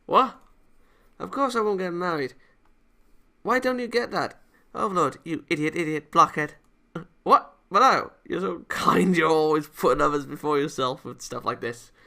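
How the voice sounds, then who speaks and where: A man's voice: on the high side, expressive, normal speed, gravelly, pushed and bright, full character voice. A man voicing a blunt, boyish young female karate fighter who scolds and gets flustered. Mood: flustered, scolding. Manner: scolding, flustered, calls people idiot.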